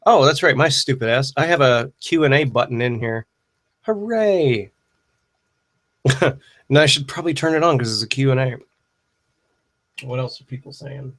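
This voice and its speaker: A man hosts a loose livestream Q&A, with a wry, rambling delivery full of swearing. His voice sits at an ordinary middle pitch. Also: brisk, fairly bright tone. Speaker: livestream host answering viewer questions. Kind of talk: casual livestream chat.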